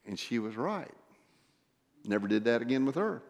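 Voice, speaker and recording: A male pastor delivering a sermon at a mid-range pitch, alternating between raised, emphatic passages and quiet, intimate ones. He leans on rhetorical questions aimed straight at the congregation. His voice rings with the long reverb of a large church hall. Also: sing-song, moderate pace, long pauses. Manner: emphatic, swings from loud raised delivery to hushed intimate tones.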